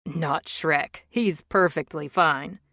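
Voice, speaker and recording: A woman's voice: sits low, takes it slowly, bright, forceful tone, no room sound, clean studio sound, heavily acted. A woman voicing a cocky, teasing young man. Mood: wry.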